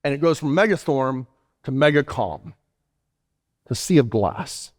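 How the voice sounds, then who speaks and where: A man's voice: mid-range voice, lively intonation, unhurried. A man preaching an emphatic sermon as pastor, his pace often shifting. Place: church sanctuary. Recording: church hall reverb.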